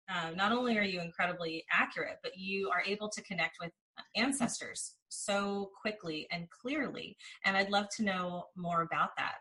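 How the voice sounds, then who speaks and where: A woman hosts a relaxed conversation and asks her guest soft, thoughtful questions. Her voice sits a little below the usual pitch. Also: low-quality recording. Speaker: host. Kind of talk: casual interview.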